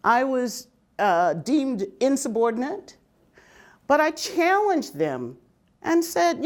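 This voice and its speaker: An older woman telling stories from her working life, humorous and lively, often laughing. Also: high voice, takes it slowly. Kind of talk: personal storytelling talk.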